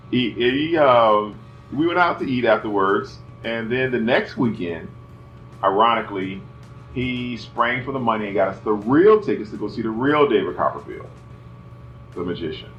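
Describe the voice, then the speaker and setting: Middle-aged man, lively storyteller who acts out voices, roomy sound. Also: medium pitch. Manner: animated, acts out voices, many "you know" fillers. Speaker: son telling family stories. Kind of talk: casual family storytelling. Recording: roomy, slightly dull, faint music behind.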